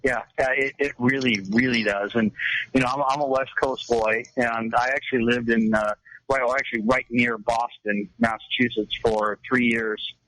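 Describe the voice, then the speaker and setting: A man's voice: medium pitch, fairly even intonation, normal speed, a bit bright, no room sound, poor audio. A man from California chatting casually on a radio talk show, rambling with many restarts. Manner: chatty, lots of restarts and laughs.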